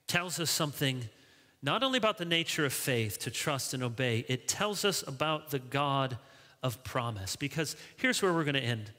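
A male pastor preaching a sermon in a church, animated, rising high when he voices pleas to Bible figures. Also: moderate pace. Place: large church sanctuary. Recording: long reverb of a church hall.

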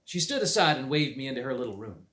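A man's voice: medium pitch, sing-song, fast talker, pushed and bright. A man reading a chapter book aloud for a library, narrating in a folksy drawl. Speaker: library read-aloud reader. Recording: roomy echo.

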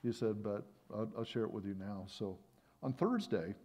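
A male pastor telling a story during a sermon in a conversational, animated way, often restarting his phrases. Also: lowish voice, moderate pace.

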